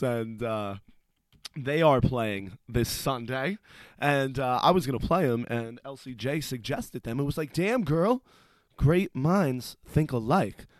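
A man's voice: mid-range voice, no room sound. A man working as a radio DJ, chatting casually between songs and telling a rambling story with laughter and swearing.

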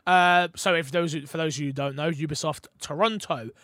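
A man hosting a casual gaming podcast, telling animated stories and slipping into impressions. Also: on the high side, fairly quick, no echo, studio quality. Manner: animated storyteller, slips into impressions. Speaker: podcast host.

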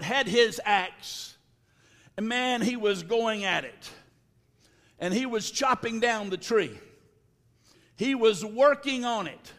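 High-voiced man preaching slowly in a hall. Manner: slow preaching with sudden shouts and drawn-out words. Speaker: pastor. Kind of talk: sermon. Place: church sanctuary. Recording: long reverb of a large hall.

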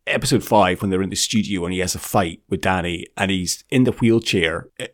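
A man's voice: low-pitched, fairly quick. A man co-hosting a podcast, animatedly praising actors and casually swearing. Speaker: podcast co-host. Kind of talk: casual chat.

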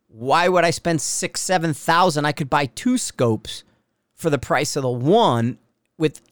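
Man, casual podcast monologue, smooth clear voice, slightly higher pitch, dry close mic. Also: a bit bright, no room sound. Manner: rambling, laughs often, acts out quoted exchanges. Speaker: podcast host.

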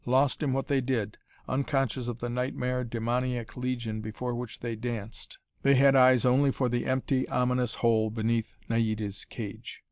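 A man reading an adventure story aloud as narrator, in a measured, dramatic manner. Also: mid-range voice, flat delivery, darkish tone, clear, resonant tone, dry recording, clean studio sound. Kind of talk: audiobook reading of pulp adventure fiction.

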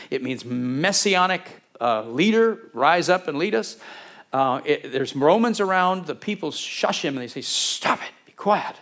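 A man's voice: a little high, fairly bright tone. A man preaching a sermon, talking animatedly and acting out Bible scenes in different voices. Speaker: pastor.

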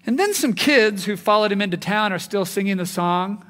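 A man preaching a sermon in an animated way, acting out the voices he quotes. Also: sits high, moderate pace, in a large hall. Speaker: pastor.

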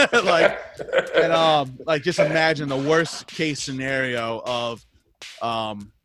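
A man telling a story in casual chat, animated, laughing often and swearing freely. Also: a little high, slow pace, a little hiss or hum.

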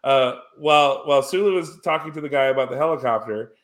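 A man's voice: medium pitch, fast talker, a bit bright. A man in casual chat, retelling a film scene by scene with many fillers and restarts.

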